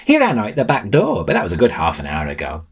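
A man voicing a forgetful, doddering little old man who rambles in a high, wavering voice. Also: wildly swooping pitch, quick pace, husky, heavily acted. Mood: muddled. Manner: rambling and muddled.

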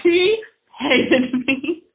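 A young woman with a high voice chats on a podcast, spinning an animated story and breaking into laughter as she acts out her friends. Her voice comes through thin and tinny, like over a phone line. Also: very slow, noisy background. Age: young adult. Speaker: podcast co-host. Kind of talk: casual chat.

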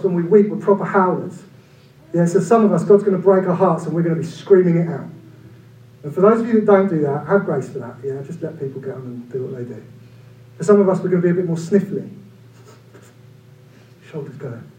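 A man around forty, preaching a sermon in an animated, conversational way with humorous asides. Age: about 40. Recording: echoey room from far off, low-quality.

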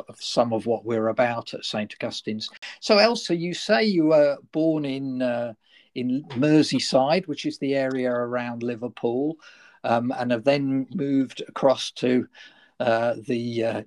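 A man with a southern English accent hosts a podcast interview, speaking haltingly with many fillers and restarts. His voice is medium in pitch and a little mellow.

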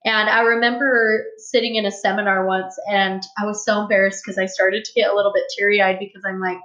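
A young woman talks in an earnest, open storytelling way on a relaxed podcast. The sound is roomy, with echo around her voice. It is a little dull and lo-fi. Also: medium pitch, brisk, hardly any pauses. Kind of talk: casual conversational podcast chat.

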